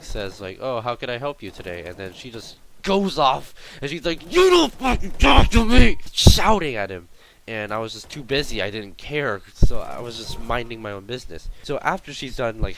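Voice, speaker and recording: A man's voice: lowish voice, fairly bright tone, slight background noise, rough recording. A young man telling a workplace story in a casual, rambling vlog style, full of fillers and exaggeration.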